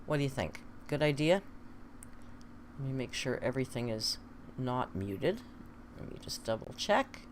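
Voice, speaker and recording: A woman's voice: a bass voice, sing-song, normal speed, pauses often, slight background noise. A woman hosting a casual live stream, chatting playfully and cooing at her pet between remarks to viewers. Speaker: livestream host.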